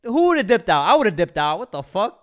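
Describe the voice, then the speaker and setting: Excitable high-voiced reaction host, man. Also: fairly quick. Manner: excitable, teasing, slangy. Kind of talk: casual reaction commentary.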